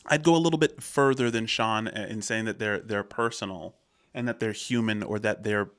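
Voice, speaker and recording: A man's voice: fairly low pitch, moderate pace, fairly bright tone, clear, resonant tone. An American man hosting a reaction video, talking through his thoughts in a casual, rambling way with restarts and fillers. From United States. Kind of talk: casual commentary on a clip.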